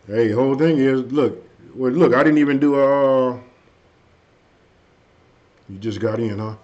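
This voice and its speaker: A man hosting a casual live stream, chatting loosely with viewers and saying his energy is low tonight. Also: a little slow, darkish tone. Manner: loose and conversational, frequent "hey" and "you know what I mean". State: a bit under the weather, low energy. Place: at home. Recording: dull lo-fi stream audio.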